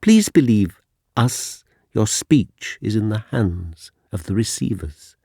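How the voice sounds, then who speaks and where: A man putting on a pompous high posh schoolmaster. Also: very animated, takes it slowly, creaky, warm tone, breathy edge, no room sound, clean studio sound, exaggerated voice. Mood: condescending. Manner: haughty, lecturing, clipped.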